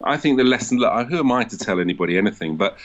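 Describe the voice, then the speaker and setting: A man with a British accent and a baritone voice, answering interview questions as a historian, making his points with a dry, self-deprecating laugh. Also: lively intonation, rapid-fire, lo-fi sound. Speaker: historian guest.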